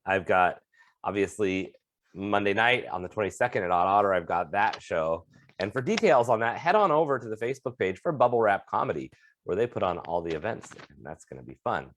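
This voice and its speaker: A man's voice: on the low side, animated, fairly quick, fairly bright tone, slight background noise. A man co-hosting a comedy podcast, talking in an earnest, thoughtful and supportive way. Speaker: podcast co-host, comedian and motivational speaker. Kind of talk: casual chat.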